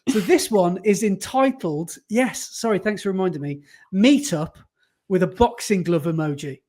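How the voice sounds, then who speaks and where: Male co-host, bright high voice, laughs easily while reading listener mail. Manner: animated and quick to laugh. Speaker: podcast co-host. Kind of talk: casual chat, reading listener emails aloud.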